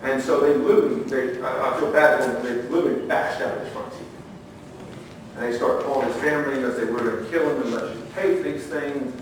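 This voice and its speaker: A middle-aged man giving a training talk at a conference, telling lively stories, acting out the quotes and asking the audience questions. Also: mid-range voice, a little fast, background noise. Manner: animated storyteller, acts out quotes, asks the audience questions. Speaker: conference speaker, former federal agent. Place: conference room. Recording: echoey room, heard from far off.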